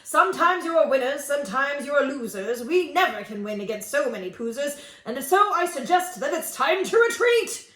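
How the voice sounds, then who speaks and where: Brief: woman playing a pompous storybook general, loud orders, high and ringing, echoey room. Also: big pitch swings, moderate pace, hardly any pauses. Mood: blustering. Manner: bellowing commands. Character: blustering pompous male army general.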